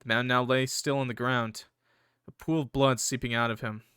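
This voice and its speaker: Excitable young man reading a visual novel. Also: medium pitch, moderate pace, clear, resonant tone, no echo, studio quality. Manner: excitable, swears and yells in reaction. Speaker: gaming video creator. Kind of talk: reading a visual novel aloud with live reactions.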